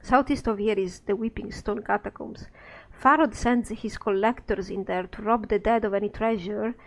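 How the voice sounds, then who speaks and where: A woman's voice: medium pitch, steady tone, normal speed, close to an everyday voice, rough recording. A woman reading the lines of a nervous, bitter woman informant, speaking in a weary, resigned way. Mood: wary.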